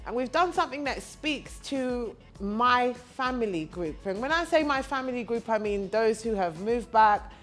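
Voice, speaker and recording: A woman's voice: on the high side, animated, moderate pace, hardly any pauses, fairly bright tone, soft background music. A woman hosting a podcast, speaking casually and with feeling to the camera. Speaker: podcast host.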